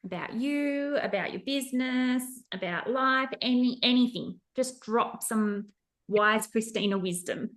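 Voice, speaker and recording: A woman's voice: on the high side, a little slow, fairly bright tone. A woman hosting a podcast, chatting in a bubbly, informal way. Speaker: podcast host. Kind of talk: casual interview chat.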